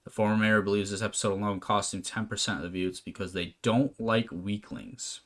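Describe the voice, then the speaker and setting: A man's voice: lowish voice, fairly even intonation, fairly quick, fairly bright tone. A man casually commenting on a management game, reading its text aloud with wry asides. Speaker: gameplay commentator. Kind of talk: let's play commentary. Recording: faint noise and clicks.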